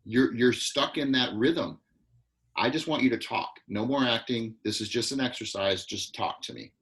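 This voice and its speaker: A man's voice: mid-range voice, a bit bright, rough recording. Man coaching actors over a video call. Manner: directive, coaching with quick repeated instructions. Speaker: acting coach. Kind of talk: live online acting class.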